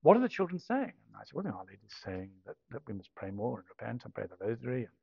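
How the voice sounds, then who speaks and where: An older man gives a personal testimony, telling his story hesitantly and self-deprecatingly with frequent restarts and dry humour. His mid-range voice is sing-song, rapid-fire, and slightly rough with vocal fry, captured in a dull, dry recording without echo.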